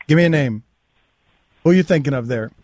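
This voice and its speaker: A man's voice: fairly high pitch, a little fast, a little mellow, no room sound. A man hosting sports talk radio, teasing and pushing his guest for strong opinions. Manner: teasing, pushy. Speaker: radio host.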